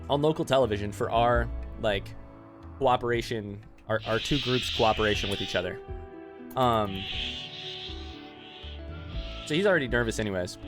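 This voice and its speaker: A male streamer with a middle-pitched voice chats casually into his desk mic as he plays. He rambles through a long story with lively asides to viewers, and faint music plays behind him. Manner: rambling, animated anecdote telling with asides to chat. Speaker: streamer playing a game.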